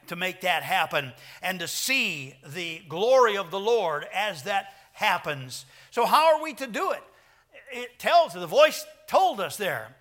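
A male preacher delivers an earnest sermon in a high, ringing voice. He quotes scripture slowly, then bursts into loud, urgent calls to his listeners. His tone is bright and carrying. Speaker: pastor.

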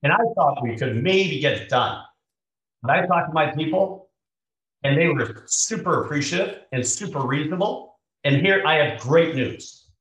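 A man's voice: a little high, expressive, moderate pace, fairly bright tone. A man working as a real estate agent, telling a sales story in conversation and acting out both sides of the dialogue. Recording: roomy sound from a distant mic.

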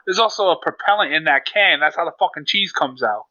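A man talking quickly in a bright, forceful voice, swearing hard and making emphatic jokes in relaxed chat. The sound is dry and a bit dull, like a lo-fi recording. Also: fairly high pitch, no echo. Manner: profane, emphatic, joking. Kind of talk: casual chat.

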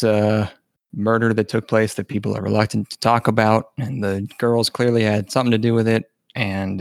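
A relaxed man with a somewhat low voice talks through shows in loose, casual chat. He drifts between thoughts with plenty of ums and the odd curse. The sound is dry and close, with no room around it. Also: vocal fry, no echo. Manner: laid-back, swears casually, trails off with fillers. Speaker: podcast co-host. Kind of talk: casual anime discussion.

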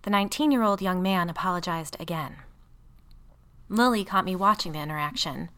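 A woman reading a first-person story aloud in a wry, expressive way, casually profane. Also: on the low side, fairly quick. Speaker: audiobook narrator.

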